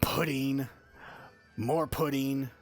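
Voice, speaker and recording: A man voicing a rowdy, drunken male dwarf who boasts loudly about partying. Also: mid-range voice, steady tone, drawn-out words. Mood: rowdy, scoffing. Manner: boisterous, slurring boasts.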